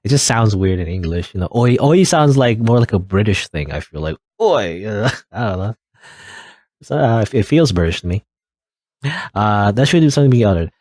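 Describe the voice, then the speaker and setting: A young man doing let's play commentary, reading game text aloud and musing over it in a halting way with wry asides. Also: fairly low pitch, lively intonation, darkish tone, dry recording.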